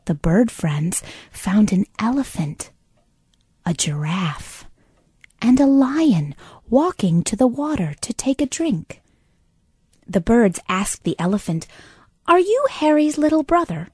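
A woman reading a children's bedtime story aloud, narrating slowly and often in a soft half-whisper. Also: medium pitch, sing-song, breathy edge, dry recording, studio quality.

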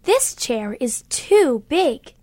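A fussy little girl, as a woman puts her on for a storybook, whining and sighing. Her voice is high and bouncy and drawn out very slowly, in a dry close sound. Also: very animated, a little mellow, no room sound, exaggerated voice. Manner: whiny, exclaiming, sighing. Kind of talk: storybook reading.

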